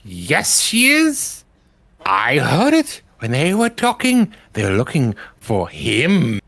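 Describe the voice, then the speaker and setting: A man's voice: mid-range voice, slow, creaky, pitched above the performer's own voice, heavily acted. A man voicing a small, eager imp scribe who tattles gleefully and threatens to eat secrets. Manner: excited, gleeful, menacing.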